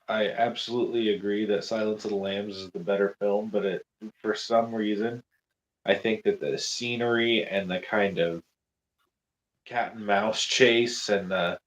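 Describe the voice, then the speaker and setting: A man chatting casually in a movie commentary, relaxed and easygoing. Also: lowish voice. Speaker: podcast co-host. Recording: dull lo-fi call audio.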